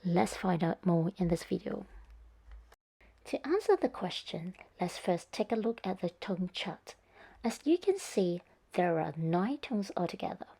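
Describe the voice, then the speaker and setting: A woman delivers a scripted lesson at an unhurried pace. Her voice is mellow and a little breathy. She speaks carefully, sounding out each tone. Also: mid-range voice. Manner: slow, careful, demonstrating tones. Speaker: Cantonese teacher.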